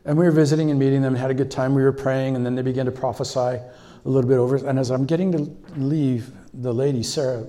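An American man from California preaching a sermon as a visiting speaker, telling stories in an encouraging, animated way and repeating key phrases. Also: medium pitch, quick pace.

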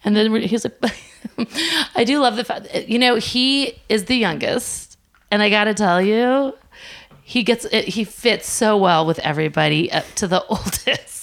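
A middle-aged woman, a preschool director and interview guest, who tells lively stories, laughs often and acts out what the children say. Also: mid-range voice, measured pace. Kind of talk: conversational interview.

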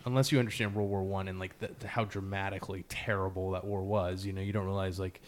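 A man's voice: deep voice, level tone, fast. A man hosting a podcast in casual, earnest talk, rambling with many fillers. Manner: loose, rambling, heavy on fillers; earnest and emotionally open. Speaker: podcast host. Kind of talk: casual interview chat.

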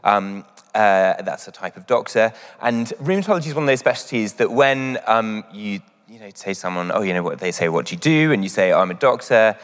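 Man, short sermon, wry humor, hesitant fillers, lowish voice, reverberant hall. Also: animated, brisk, fairly bright tone. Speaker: church warden and doctor giving a short sermon. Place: church hall.

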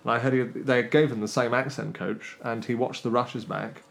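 An animated man co-hosting a casual chat podcast, sharing stories with frequent quick restarts. His voice sits at an ordinary middle pitch. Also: gravelly.

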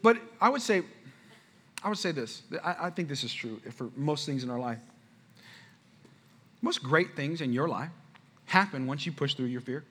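A man, a father of five, preaching a sermon with animated storytelling, talking straight to the congregation. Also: fairly high pitch, moderate pace, long pauses, slightly rough. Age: adult father. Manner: animated storytelling, addresses the crowd. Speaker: pastor.

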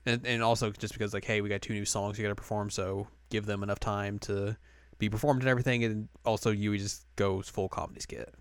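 A man's voice: on the low side, steady tone, fairly quick, smooth, no echo. A man hosting a podcast, recapping an episode in a rambling, casual way with lots of fillers. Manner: rambling, filler-heavy, laughs often. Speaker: podcast host.

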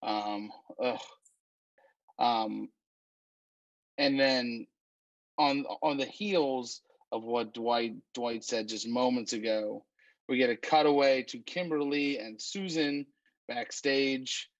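A man co-hosting a wrestling podcast, walking through the matches in easy casual chat. He talks slowly and unhurriedly, with plenty of fillers and restarts. His voice is recorded dry and close, with no room sound. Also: mid-range voice, steady tone, no echo, lo-fi sound.

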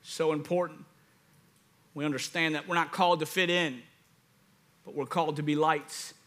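High, bright-voiced male preacher. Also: normal speed. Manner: energetic, rising into loud emphatic preaching; acts out listeners in a jokey hyped voice. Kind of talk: sermon.

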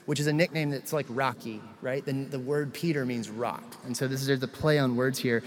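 A man's voice: medium pitch, moderate pace, hardly any pauses, in a large hall. A male pastor delivering a sermon, retelling scripture in a conversational way with casual asides.

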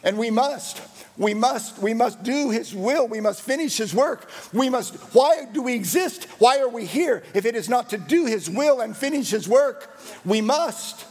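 A man's voice: extremely high pitch, expressive, measured pace, darkish tone, breathy edge, in a large hall. A man preaching a sermon as pastor, with an emphatic, repetitive cadence.

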